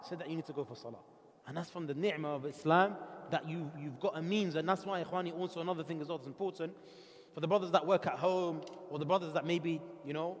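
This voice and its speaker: Fast, high-voiced man preaching in a hall. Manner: conversational, joking, mixes in Arabic phrases. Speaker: imam giving a talk. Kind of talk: mosque talk on marriage. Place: large mosque hall. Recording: long hall reverb.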